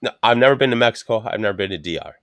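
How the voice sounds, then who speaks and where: A man's voice: lowish voice, animated, rapid-fire, a bit bright, dry recording. Profane, rambling man telling stories. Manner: profane, rambling anecdotes with frequent swearing; acts out quoted speech of others. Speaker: podcast co-host. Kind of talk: casual chat, storytelling.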